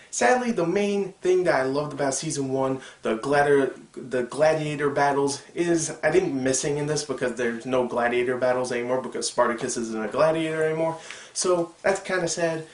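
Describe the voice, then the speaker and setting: A young man casually reviewing a TV episode, rambling and excitable, with lots of fillers and side remarks. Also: mid-range voice. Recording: echoey room with faint background noise.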